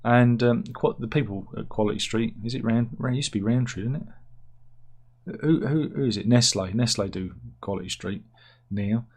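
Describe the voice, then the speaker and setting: A man's voice: medium pitch, normal speed, darkish tone. A man hosting a casual satirical news chat, rambling and interrupting himself with asides. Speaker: host reading news stories.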